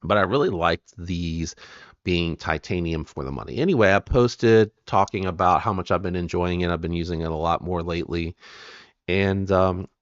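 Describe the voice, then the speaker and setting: A man's voice: deep voice, fairly even intonation, moderate pace, no echo, highs cut off. A man hosting a live stream, chatting casually and rambling as he greets viewers by name.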